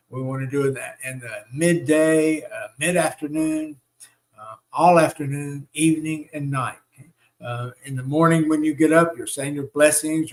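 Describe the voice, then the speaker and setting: A man with a slightly raised pitch gives a live spiritual teaching in an encouraging, coaxing way. He keeps checking in with his listeners, adding "right?" and "okay?" after each point. He leads them through chanted affirmations. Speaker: spiritual teacher and show host.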